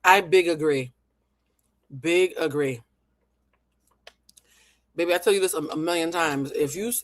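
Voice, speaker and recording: Host, man, 30s, high voice, loud and animated, casual and profane. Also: measured pace, pauses often. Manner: loud, animated, swearing and laughing. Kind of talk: live reaction commentary.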